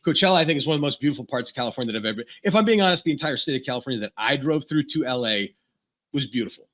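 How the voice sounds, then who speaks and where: Bright-voiced man telling a rambling story. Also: mid-range voice, animated, rapid-fire. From Florida. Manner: rambling, frank, restarts mid-sentence. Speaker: podcast guest. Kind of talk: casual storytelling.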